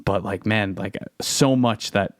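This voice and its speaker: Casual male host, lowish voice, loose rambling storyteller, lots of "like" and "you know". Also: slow pace, no room sound, studio quality. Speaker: podcast host. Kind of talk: casual interview conversation.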